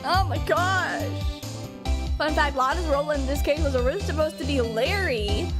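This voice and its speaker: Chatty woman streamer, high lively voice, loud game music behind. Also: moderate pace. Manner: chatty, giggly, reads dialogue aloud. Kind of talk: casual game playthrough commentary.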